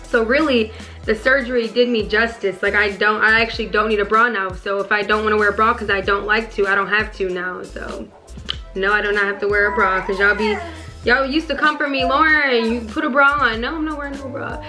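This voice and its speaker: A woman's voice: medium pitch, fairly even intonation, fairly quick, pushed and bright, soft background music. A woman vlogging casually at home, chatty and rambling, full of fillers as she talks to her viewers. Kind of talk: casual vlog chat to viewers.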